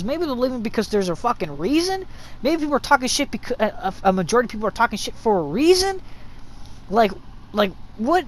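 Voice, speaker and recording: A gaming host rants unscripted about an online clan in a profane, exasperated voice. The speech rambles and restarts often, at a mid-range pitch. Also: big pitch swings, brisk. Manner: mocks others in shrill put-on voices. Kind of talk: unscripted rant review.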